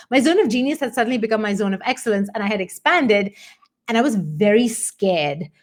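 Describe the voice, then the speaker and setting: A middle-aged woman coach giving a candid motivational talk, earnest and animated, acting out her own past thoughts. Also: medium pitch, quick pace. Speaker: business coach.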